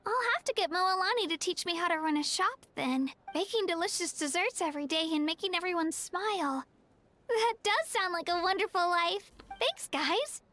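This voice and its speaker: A woman voicing a sweet, earnest young girl in a game who bakes cakes for her friends, speaking gently and hopefully. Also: extremely high pitch, animated, moderate pace, full character voice. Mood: sincere. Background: soft game music.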